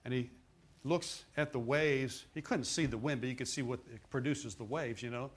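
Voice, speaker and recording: A man preaching with a folksy, playful manner. His voice sits at an everyday middle pitch, and he laughs often while telling the story. He keeps swinging from easy asides to loud, dramatic lines. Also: normal speed, breathy edge. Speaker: pastor. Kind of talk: sermon.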